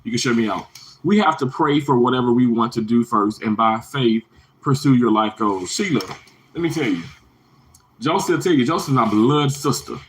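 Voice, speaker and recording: A man in his thirties giving an earnest motivational livestream talk to his viewers, repeating himself and greeting chat in a higher voice. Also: normal speed, a little hiss or hum, low-quality recording. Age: 30s.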